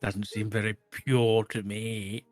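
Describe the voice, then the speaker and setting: A man playing in a tabletop game, teasing and deadpan in character. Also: fairly low pitch, takes it slowly, soft background music. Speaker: player.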